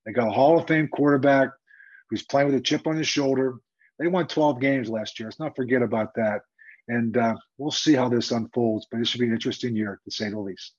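Husky-voiced former coach, lo-fi. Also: male voice, mid-range voice, a little fast. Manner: animated, conversational, with frequent fillers. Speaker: former football coach and TV analyst. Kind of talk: storytelling interview answer. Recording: dull lo-fi sound.

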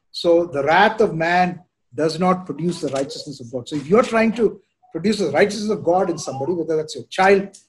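A man leads an informal Bible teaching session, his voice sitting somewhat higher than most men's. He talks in an easygoing, candid way, often tagging his points with "right?" and "you know". He comes across as a pastor reflecting openly with his group. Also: a little mellow, low-quality recording. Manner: conversational, frequent "you know" and "right?" tag questions.

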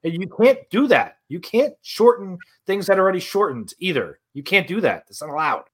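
His voice sits high and sounds very animated and slightly rough, moving a little fast. This young man, from the New Jersey or New York area with that accent, co-hosts a podcast filled with casual, joking, profane banter.

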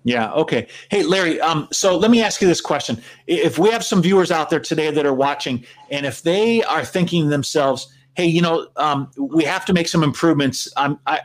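A man's voice: a little high, poor audio. A man co-hosting a live business broadcast, talking casually to viewers with many fillers and repeated words. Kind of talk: casual conversational talk to viewers.

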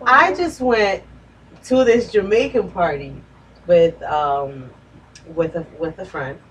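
A young woman telling a story in a casual chat, animated and full of "like", swearing freely. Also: lowish voice, slow pace. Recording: distant mic with light background noise.

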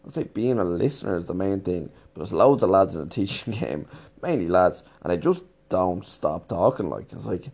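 Man, low voice, lively pitch, casual storytelling, swears a lot. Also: moderate pace, gravelly. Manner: animated, swears freely, rambling. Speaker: teacher and storyteller. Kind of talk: casual anecdote monologue.

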